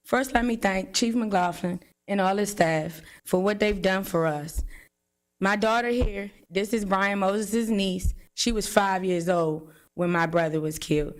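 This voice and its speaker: A woman's voice: medium pitch, unhurried. A woman, the victim's sister, giving grateful thanks and introducing her family at a press conference.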